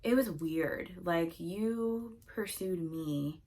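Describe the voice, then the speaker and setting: Low-voiced woman chatting through a storytime. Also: drawn-out words. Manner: chatty, animated retelling with lots of "like" and quoted dialogue. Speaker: beauty vlogger telling a storytime. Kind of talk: casual storytime chat while doing makeup.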